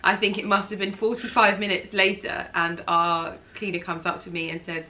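Bright-voiced woman telling a story. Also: fairly low pitch, little pitch movement, normal speed. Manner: storytelling, laughing as she talks. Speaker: co-host, wife. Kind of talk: casual couple Q&A chat. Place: home.

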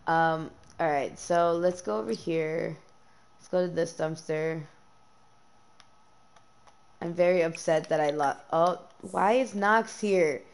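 A young woman streaming a life-sim game, chatting casually with lots of ums and quick bursts of dismay. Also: fairly low pitch, vocal fry. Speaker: gameplay streamer. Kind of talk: casual gameplay commentary.

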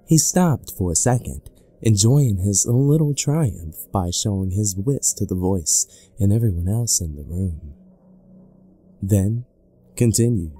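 A man narrating a horror story in a measured, scripted voice. His tone is fairly low and dark, steady and deliberate. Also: soft background music.

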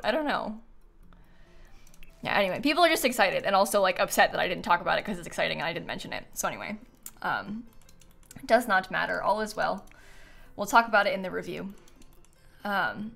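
A woman's voice: mid-range voice, creaky, sharp tone. A young woman streaming a life-sim game live, chatting casually and rambling with many fillers. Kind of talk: casual gameplay commentary.

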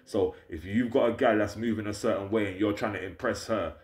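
Low guy ranting at the camera, keeps saying innit, echoey room. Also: fairly quick. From England. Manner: preachy, forceful, repeats "you understand" and "innit". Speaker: vlogger. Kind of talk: straight-to-camera rant.

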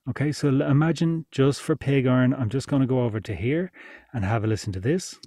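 A man's voice: medium pitch, fairly quick, mellow, no room sound, studio quality. A man giving a chatty, informal workshop lesson, laughing now and then as he explains. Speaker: podcast production instructor. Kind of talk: casual workshop teaching.

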